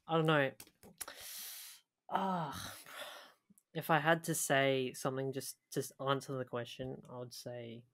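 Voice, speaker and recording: Man from Australia, podcast guest, bright voice, rambling and laughing. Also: mid-range voice, steady tone, measured pace, long pauses. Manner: laughing, rambling, stumbles over words. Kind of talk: casual podcast interview.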